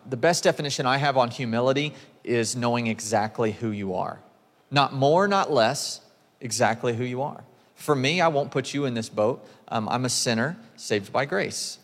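A man in his thirties preaching a sermon as pastor, conversational and emphatic, often checking in with the congregation. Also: medium pitch. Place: church sanctuary. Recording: long hall reverb.

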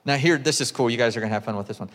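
A pastor in his thirties delivers a sermon in a casual, emphatic way, often turning to ask the congregation whether they are with him. His voice sits at a middle pitch. It rings out with a long reverb through a church sanctuary. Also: racing, a bit bright. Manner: conversational, emphatic preaching with frequent asides to the congregation.

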